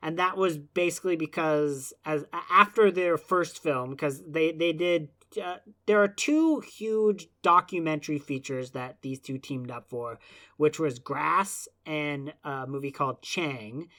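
A man's voice: fairly high pitch, lively intonation, measured pace, a bit bright. A man co-hosting a casual film podcast, talking in long rambling runs with many restarts and fillers. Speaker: podcast co-host.

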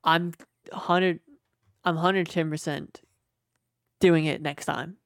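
A man's voice: on the high side, fairly even intonation, slow pace, gravelly, no echo, studio quality. A young man co-hosting a podcast, chatting casually, joking and swearing as he rambles. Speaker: podcast co-host. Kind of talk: casual chat.

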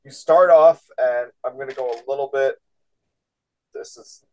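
A man co-hosting a podcast over a video call, pitching ideas in a relaxed chatty way. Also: a little slow, highs cut off. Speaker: podcast co-host. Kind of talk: casual fantasy booking chat.

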